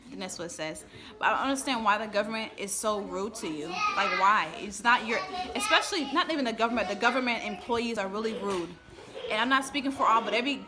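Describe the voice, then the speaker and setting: Irritated woman venting at home. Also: a little high. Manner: rambling, irritated and emotional, with restarts. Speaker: vlogger. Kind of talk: live-stream venting to viewers. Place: home, with children nearby. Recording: kids chattering in the background. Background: children's voices.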